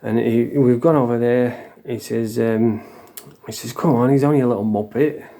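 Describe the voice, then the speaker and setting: A man's voice: mid-range voice, fairly even intonation, normal speed, warm tone. A middle-aged man from England telling his own story in a blunt, sweary, confessional way. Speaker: vlogger. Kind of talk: casual storytelling.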